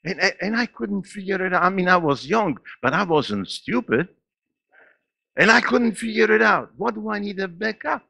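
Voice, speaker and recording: A man in his eighties with a foreign accent, preaching a sermon in church with laughs and sudden swings between loud and quiet. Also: high-pitched, animated, moderate pace, gravelly, no echo. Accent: non-native English. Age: 80s. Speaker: pastor.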